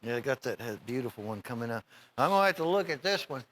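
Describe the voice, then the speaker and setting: A middle-aged man hosting a TV shopping show, giving a folksy, rambling sales pitch straight to viewers. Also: lively intonation, fast talker, a bit bright, slight background noise. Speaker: TV shopping host.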